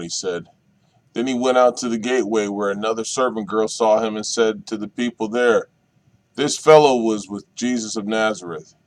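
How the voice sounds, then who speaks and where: Guy minister doing bible study, reads the verses then goes back over them slow, repeats stuff. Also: medium pitch. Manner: slow, deliberate, repeats key phrases. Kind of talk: reading and explaining scripture.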